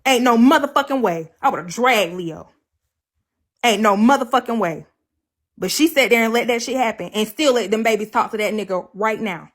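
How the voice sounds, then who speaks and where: Fairly high in pitch and fairly bright, a woman speaks casually to her livestream audience about her breakup. She's frank and profane, pressing her arguments by restating them over and over.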